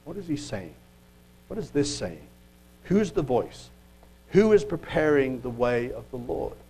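A man preaching a sermon, reading scripture aloud and asking rhetorical questions, earnest with quiet asides. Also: medium pitch, sing-song, unhurried, breathy edge, poor audio.

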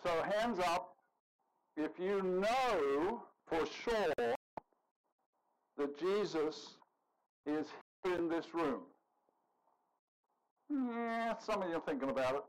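A man's voice: high voice, animated, takes it slowly, long pauses, rough recording. A man preaching a sermon in a conversational way, joking with the congregation.

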